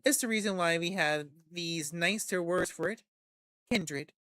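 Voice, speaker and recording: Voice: medium pitch, unhurried, a bit bright, no echo, clean studio sound. A streamer reading as a poised vampire patroness. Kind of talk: reading game dialogue aloud.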